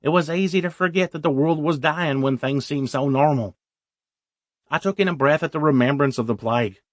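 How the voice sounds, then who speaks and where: A man's voice: a little high, a little fast, no room sound, clean studio sound. A man narrating a first-person audiobook story in a wry, self-deprecating way.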